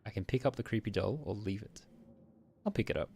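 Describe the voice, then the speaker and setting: A man streaming a visual novel, reading its narration briskly and muttering asides while laughing at himself. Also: fairly low pitch, gravelly, darkish tone, husky.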